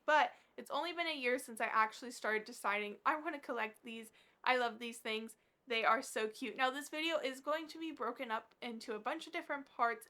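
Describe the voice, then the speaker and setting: Woman, vlogger, casual chat, bubbly, gushing, high voice. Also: bright, forceful tone. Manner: bubbly, gushing, filler-heavy. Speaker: collector vlogger.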